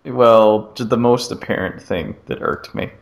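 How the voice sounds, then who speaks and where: A man with a lowish voice talks through a video game demo in a loose, rambling way. He keeps circling back and trying out the lines the characters say. The talk is a relaxed podcast chat between friends. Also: measured pace, vocal fry. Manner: rambling, animated retelling with acted-out quotes. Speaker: podcast co-host. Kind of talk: casual gaming chat.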